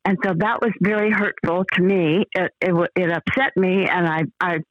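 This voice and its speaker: An older woman remembers her acting days in a rambling, effusive way, halting on fillers and starting over. Her voice comes through a dull, lo-fi call line that sounds dry and close. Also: fairly low pitch, fairly even intonation, no room sound. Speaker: actress guest. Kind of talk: casual interview chat.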